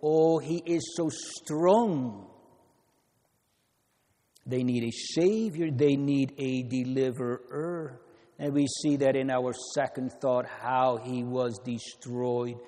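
Preacher, male, slow and emphatic, mellow tone, long hall reverb. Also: mid-range voice, fairly even intonation. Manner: slow, earnest preaching with repeated phrases and emphatic rises. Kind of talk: sermon.

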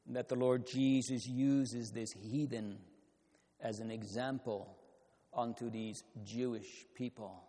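A man preaching a sermon, slow and measured, asking rhetorical questions in old-fashioned scriptural phrasing. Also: mid-range voice, dark tone, in a large hall.

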